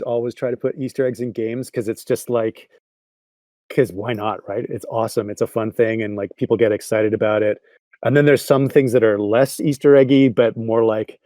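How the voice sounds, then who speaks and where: An enthusiastic man with a Canadian accent talks loosely and at length, with frequent laughs. His voice is mellow and warm. The sound is dry and close. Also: mid-range voice, no echo. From England, Cornwall. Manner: enthusiastic, rambling, laughs often. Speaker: video game composer and voice director. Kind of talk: casual interview chat.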